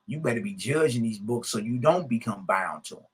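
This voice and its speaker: A man's voice: mid-range voice, animated, fairly quick, breathy edge. A man teaching a religious lesson, reading a scripture text aloud and breaking off into casual, laughing commentary that keeps asking "Hmm?" and "Huh?". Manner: laughs often while he talks.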